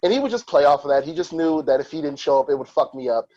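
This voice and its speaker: A man hosting a podcast who tells personal stories in a candid, profane and animated way. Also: a little high, fast, muffled recording. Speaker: podcast host. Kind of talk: casual podcast storytelling.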